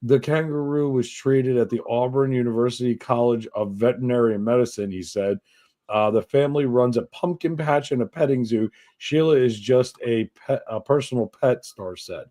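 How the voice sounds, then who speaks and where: A man co-hosting a podcast, reading odd news stories aloud in a profane, animated way. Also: mid-range voice, moderate pace. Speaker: podcast co-host.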